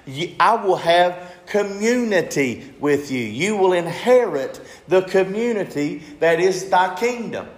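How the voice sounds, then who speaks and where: A man delivering a sermon in a roomy, echoing church space. His voice sits fairly high for a man. He keeps repeating his phrases and checking in with the listeners. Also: lively intonation, unhurried, few pauses. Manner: asks the congregation questions and repeats phrases. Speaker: preacher.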